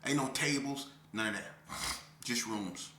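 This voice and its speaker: Intense man, bright voice in an echoey room. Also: slow pace. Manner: intense, repetitive, street slang, rising to near shouts then dropping low. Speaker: interview guest recounting prison life. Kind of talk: emotional storytelling to camera.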